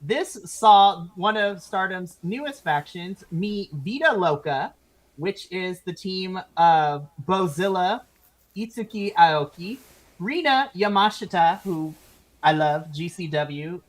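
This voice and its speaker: A woman's voice: on the low side, expressive, takes it slowly, poor audio. A woman hosting a casual wrestling recap, gushing over favorites and laughing often. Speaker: podcast host.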